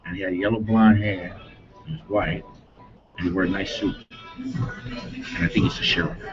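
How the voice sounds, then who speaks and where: Rambling, chuckling middle-aged man. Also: on the low side. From Denver, Colorado. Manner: rambling, chuckles often, trails off mid-sentence. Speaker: interviewee. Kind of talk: rambling casual storytelling. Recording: dull lo-fi recording with music.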